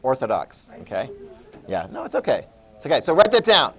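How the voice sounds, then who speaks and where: A man's voice: mid-range voice, wildly swooping pitch, fairly quick, fairly bright tone. A man teaching a history class, casual and joking, asking students questions. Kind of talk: classroom lecture.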